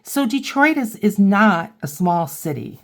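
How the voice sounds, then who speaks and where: A woman's voice: mid-range voice, sing-song, unhurried. An older woman from the Midwest, chatting casually as she walks through a craft tutorial, rambling and correcting herself as she goes. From Ohio and Michigan, USA. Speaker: craft channel host.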